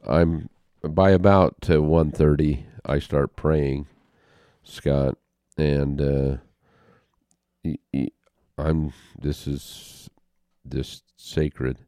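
An older man telling a personal story as an interview guest, halting and heartfelt, with pauses and restarts. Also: a bass voice, fairly even intonation, warm tone, smooth, no echo, clean studio sound.

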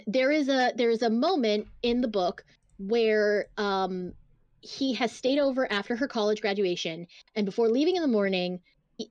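A woman's voice: medium pitch, dry recording. A woman co-hosting a casual podcast, talking bluntly and swearing freely as she reads book excerpts aloud. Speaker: podcast co-host. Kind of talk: casual chat.

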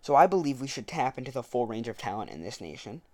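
On a dry recording, a man with a mid-range, dark-toned voice talks fast in a sing-song way. He reads a political speech aloud and comments on it, arguing point by point and correcting his own slips.

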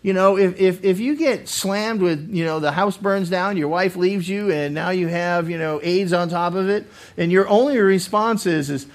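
A man's voice: sits high, moderate pace, few pauses. A male pastor preaching a Bible study sermon in an earnest way, often repeating words as he restarts. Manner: acts out quoted speakers with sudden loud lines.

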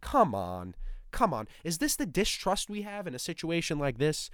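A young man delivers an exasperated, profanity-laced rant as a podcast host. His voice sits a little high and swings widely up and down as he gets worked up. The recording is close and dry, with no room sound. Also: brisk, no room sound. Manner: animated, profane, exasperated ranting. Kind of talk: ranting monologue.

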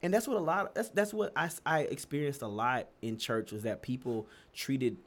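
A young man from Texas telling stories in a casual chat, animated and laughing often, his pitch leaping up for emphasis. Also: moderate pace. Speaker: podcast co-host.

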